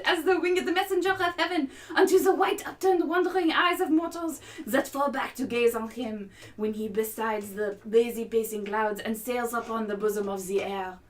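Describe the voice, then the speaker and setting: A woman's voice: mid-range voice, close to an everyday voice. Romeo, a woman doing a French-accented lovesick youth. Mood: rapturous. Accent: put-on French. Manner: theatrical recitation of verse. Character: young male lover Romeo, ardent and poetic. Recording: voice far from the mic.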